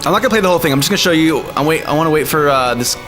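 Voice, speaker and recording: Laid-back streamer guy, lively sing-song voice, laughs a lot, soft music under him. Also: on the high side, very fast. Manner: laughing often, excitable, slangy. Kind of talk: casual live-stream chat over music. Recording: music playing faintly behind.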